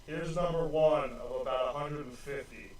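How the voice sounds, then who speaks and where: A man voicing a gruff, impatient male dwarf official who grumbles and snaps at people. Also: medium pitch, normal speed, a little hiss or hum, lightly acted. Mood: grumbling. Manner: brusque, grumbling. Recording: very echoey room, mic far off.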